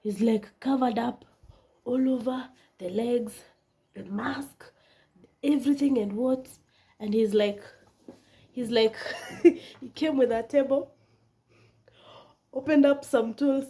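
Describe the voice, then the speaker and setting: A woman telling a personal story in a casual vlog, animated and dramatic, often dropping into a whisper. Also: on the high side, takes it slowly, long pauses. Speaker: vlogger.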